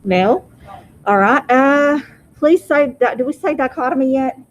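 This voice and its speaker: Woman teacher, fairly high voice, classroom vocabulary drill. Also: unhurried, rough recording. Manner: drills pronunciation, asks class to repeat words. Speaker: high school English teacher.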